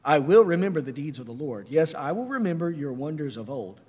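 A man delivers a sermon in an earnest, steady way, reading scripture aloud and then explaining it to his listeners. His voice sits fairly high for a man. The recording carries a long reverb, as in a large hall. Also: husky. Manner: earnest, reads slowly then explains with "right?". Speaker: preacher.

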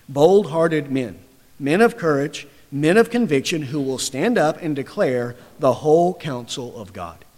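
Forceful preacher in a reverberant hall. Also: male voice. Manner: forceful, emphatic, rising to loud declarations then dropping low. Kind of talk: sermon.

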